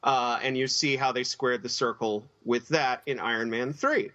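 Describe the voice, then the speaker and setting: A blunt podcast co-host with a bright, forceful, mid-pitched voice. He talks in a casual, emphatic way and swears freely, and his audio sounds dull and lo-fi. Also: normal speed.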